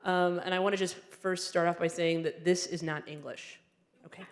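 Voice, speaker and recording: A woman comedian from Egypt doing a stand-up set on stage, animated and playful, jumping into high put-on voices for the people in her jokes. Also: moderate pace, in a large hall, slight background noise.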